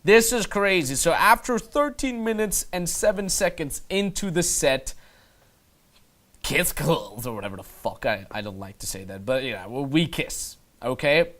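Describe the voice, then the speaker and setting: A dating coach, a man with a somewhat raised pitch, talks his viewers through his footage. His commentary is loose and emphatic, with plenty of swearing mixed in. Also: lively intonation, a little slow, a bit bright. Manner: casual, emphatic, swears freely. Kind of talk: voice-over commentary breaking down footage.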